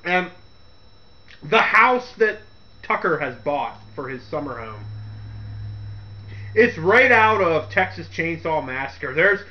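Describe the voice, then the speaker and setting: A man's voice: on the high side, big pitch swings, takes it slowly, pauses often, highs cut off. Man rambling through a movie review. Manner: rambling, laughs often, acts out quotes in character voices. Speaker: radio host reviewing a movie. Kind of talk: casual spoken movie review.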